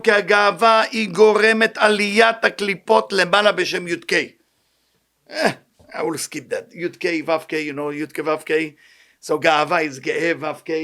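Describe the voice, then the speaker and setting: A man teaching a Torah class, asking rhetorical questions and switching between English and quick Hebrew readings. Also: a little high, bright, forceful tone. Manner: rhetorical questions, self-mocking asides. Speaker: Kabbalah teacher.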